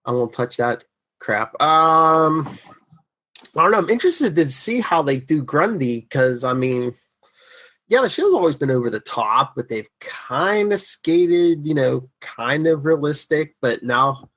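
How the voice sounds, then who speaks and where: A man's voice: a little high, animated, unhurried, fairly bright tone. A man co-hosting a podcast, in casual chat with brief, laid-back remarks. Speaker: podcast co-host.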